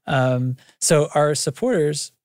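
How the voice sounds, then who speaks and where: A man's voice: a little high, expressive, takes it slowly, no room sound, studio quality. A man co-hosting a podcast in casual, rambling chat, often breaking into laughter. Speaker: podcast co-host.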